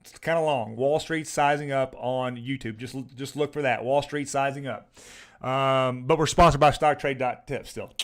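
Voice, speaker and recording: A man's voice: mid-range voice, fairly even intonation, moderate pace. A man hosting a live stock trading stream, chatting loosely and repeating words as he goes, with his voice starting to give out. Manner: rambling, repeats words, upbeat sign-off. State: losing his voice. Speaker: livestream stock trading host.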